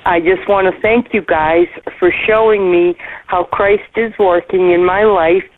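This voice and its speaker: A middle-aged woman leaving a voicemail, telling a heartfelt personal story in a slow, earnest way with soft pauses. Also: fairly low pitch, fairly even intonation, no room sound. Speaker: listener leaving voicemail feedback. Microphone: phone. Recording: tinny phone line, faint hiss.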